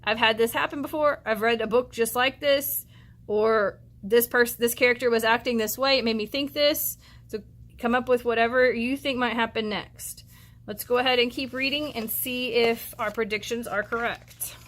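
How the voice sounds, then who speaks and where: A woman teacher reading a storybook aloud to children, stopping for chatty, encouraging asides. Her voice sits high and sounds bright and forceful. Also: steady tone, moderate pace.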